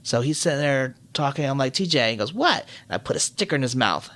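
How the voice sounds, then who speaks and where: A man co-hosting a podcast, chatting casually and telling animated, joking stories. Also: medium pitch, quick pace. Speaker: podcast co-host. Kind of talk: casual chat.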